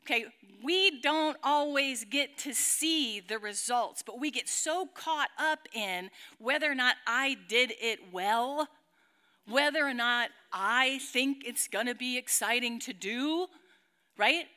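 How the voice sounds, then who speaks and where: Bright, high-voiced woman telling a faith story. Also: slow pace, smooth. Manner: animated storyteller who acts out quotes, with fillers. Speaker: speaker teaching a faith group. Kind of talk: storytelling sermon talk.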